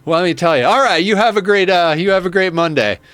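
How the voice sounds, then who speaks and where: A man's voice: high voice, animated, fast, fairly bright tone, no echo, voice pushed up. A man doing a breezy, overfamiliar small-talker. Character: cheerful man bluffing small talk at strangers.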